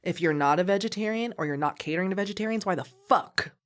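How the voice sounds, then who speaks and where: A woman's voice: on the low side, fast talker. A young woman guesting on a podcast, talking casually with emphatic, profane, playful energy. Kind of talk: casual chat.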